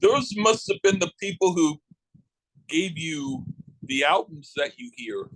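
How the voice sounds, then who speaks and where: A man's voice: fairly high pitch, animated, unhurried, a bit bright, rough recording. A man co-hosting a podcast in casual chat, teasing and stumbling over restarts. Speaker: podcast co-host.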